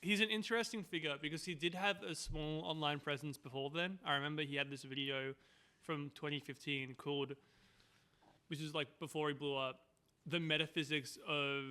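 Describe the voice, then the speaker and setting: A man's voice: fairly high pitch, steady tone, a little fast, bright, forceful tone. A man as a podcast guest, chatting casually with rambling asides.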